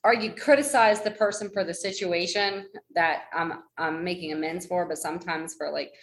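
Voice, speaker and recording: Woman in her 40s rambling through a story about her mom, lowish voice, lots of um and like, jumps way up when quoting people. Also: moderate pace, low-quality recording. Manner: rambling, self-deprecating, many fillers and restarts; acts out quoted voices with big pitch jumps. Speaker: speaker sharing a personal story. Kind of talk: casual personal storytelling.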